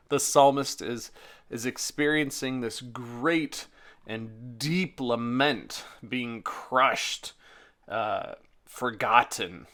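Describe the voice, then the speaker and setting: A man's voice: mid-range voice, sharp tone, clean tone. Man reading and reflecting on scripture. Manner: emphatic, with strong stresses on key words; thinking aloud with fillers. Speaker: scripture reader and commentator. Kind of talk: dramatic scripture reading then reflective commentary.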